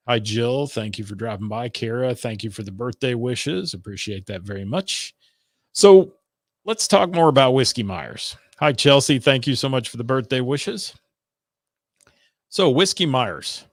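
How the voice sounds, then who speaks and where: A man's voice: mid-range voice, no echo, studio quality. A man hosting a music radio show, chatting casually and rambling with lots of fillers while he thanks viewers for their comments. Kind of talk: casual live-stream chat, reading viewer comments.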